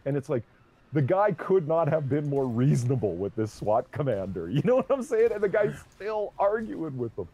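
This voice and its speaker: A man streaming a game, chatting casually and telling an animated story, swearing freely. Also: fairly high pitch, normal speed, muffled recording. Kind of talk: casual chat while gaming.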